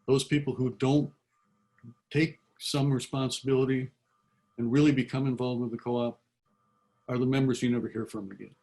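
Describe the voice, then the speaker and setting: Older male author on a video call, earnest and halting, mid-pitched. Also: steady tone, mellow. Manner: earnest, halting, repeats words. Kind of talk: reflective interview answers.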